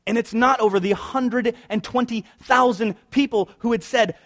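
A man's voice: very high voice, normal speed, a bit bright. A man preaching a sermon as pastor, conversational and wry, firing off rhetorical questions.

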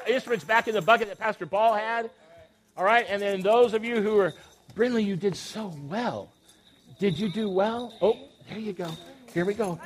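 On a church stage, a man with a high, slightly bright voice emcees a children's Christmas program, upbeat and coaxing as he teases the kids. The recording has a faint hiss or hum.

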